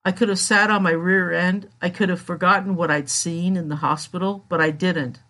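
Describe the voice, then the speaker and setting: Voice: mid-range voice, steady tone, normal speed, pushed and bright. A narrator reading a determined young man with cancer. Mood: resolute.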